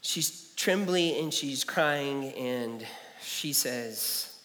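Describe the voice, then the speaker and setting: A man's voice: mid-range voice, very slow, sharp tone. A man preaching a sermon as a pastor, earnest and personal, telling stories and repeating key phrases. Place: church sanctuary. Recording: church hall reverb.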